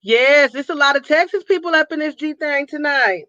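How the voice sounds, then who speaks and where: A woman's voice: high-pitched, normal speed, bright, forceful tone, no echo, dull audio. A woman from Northern California hosting a casual livestream, cheerfully reading out where her viewers are watching from and hyping them up with nicknames. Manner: upbeat, hypes viewers with call-outs and nicknames. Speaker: livestream host.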